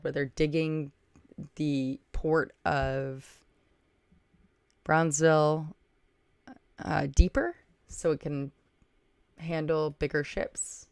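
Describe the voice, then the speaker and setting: A woman's voice: deep voice, slow pace, vocal fry, pauses often, clean tone, dry recording. A woman hosting a casual livestream, chatting, thinking aloud and thanking viewers by name. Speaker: livestream host. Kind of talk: casual livestream chat reading viewer comments.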